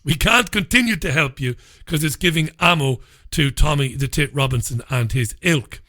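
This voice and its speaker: A man's voice: fairly high pitch, moderate pace, pushed and bright. A male radio show host giving opinionated news commentary in a scornful, mocking way, laughing at his own jokes.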